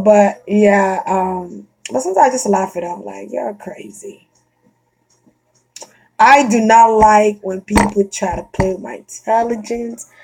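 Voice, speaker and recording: A woman chatting casually and bluntly, swearing freely, laughing often and getting animated. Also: on the high side, breathy edge. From Florida. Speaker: vlogger chatting to a friend. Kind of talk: casual chat.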